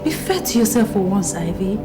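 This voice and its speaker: An actress playing a caring young woman friend who soothes and reassures in a steady, repetitive way. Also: medium pitch, brisk, over music, close to an everyday voice. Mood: earnest.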